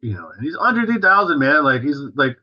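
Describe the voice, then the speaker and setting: A man's voice: on the high side, sing-song, fairly quick, dull audio. A male drummer, a guest on an interview, tells a story casually and animatedly, full of fillers and acting out what others said.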